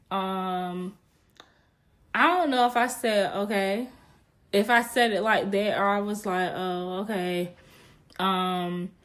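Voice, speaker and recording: A young woman hosts her own podcast and talks straight into the mic about her past. She is frank and chatty, laughs easily and wanders off topic before pulling herself back. Her voice sits in an ordinary middle pitch. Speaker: podcast host. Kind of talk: candid solo podcast storytelling.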